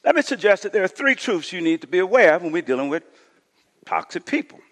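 Male pastor, high-pitched preaching voice, scripture reading and call-and-response, long hall reverb. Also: sing-song, fast. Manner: preaching, calls on the congregation to shout responses; reads scripture, voicing the complaining crowd with rising intensity. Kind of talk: sermon.

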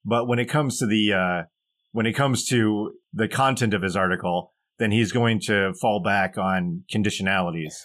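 A man's voice: on the low side, normal speed, fairly bright tone. A man co-hosting a podcast, reading poll results aloud with dry, wry asides in casual chat. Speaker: podcast co-host.

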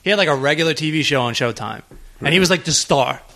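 Homem de voz um pouco aguda, papo solto. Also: male voice, fairly high pitch, gravelly. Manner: relaxed, chatty, drops in quick affirmations. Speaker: podcast co-host. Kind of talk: casual storytelling.

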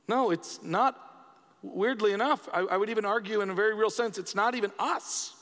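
Male pastor, high voice, conversational sermon delivery with repeated emphasis; long hall reverb. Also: fairly quick, a bit bright.

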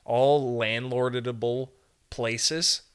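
A man's voice: medium pitch, fairly even intonation, extremely slow, smooth. A young man hosting a podcast, rambling through a jokey casual monologue and slipping into put-on voices now and then. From Canada. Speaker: podcast host.

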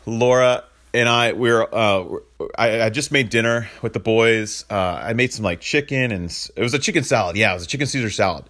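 Give me a low-voiced man in his thirties, earnest and rambling as a podcast host. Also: a bit bright. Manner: earnest, rambling, with frequent restarts and chuckles. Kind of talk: casual reflective talk on faith.

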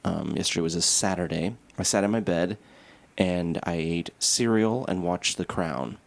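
A young podcast co-host chats casually, laughing often and making fun of himself. His voice is low-pitched with vocal fry and moves at a normal speed.

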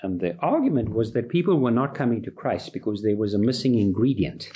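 A man's voice: lowish voice, big pitch swings, fairly quick, dark tone, breathy edge. A man preaching a sermon, emphatic, building his points through repeated lists.

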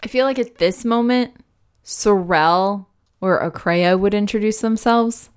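A woman's voice: mid-range voice, unhurried, smooth. A woman describing her character's actions as a player in a tabletop game, in a thoughtful way.

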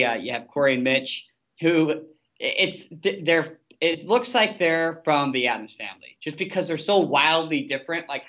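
A man co-hosting a casual podcast, talking at an ordinary middle pitch. He rants loosely, swears constantly and pushes his opinions hard. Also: sharp tone. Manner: profane, ranting, heavy swearing. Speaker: podcast co-host. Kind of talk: casual recap chat.

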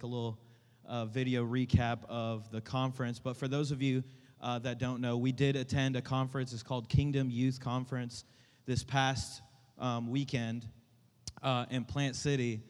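A man, a youth pastor talking casually to his church, joking and rambling, and sometimes rallying the room to shout back. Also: medium pitch. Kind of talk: casual church talk to a congregation. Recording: reverberant church hall.

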